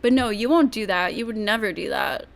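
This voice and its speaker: A woman's voice: mid-range voice, big pitch swings, brisk, vocal fry. A woman streamer reacting to clips, ranting bluntly and swearing freely. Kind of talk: casual livestream commentary.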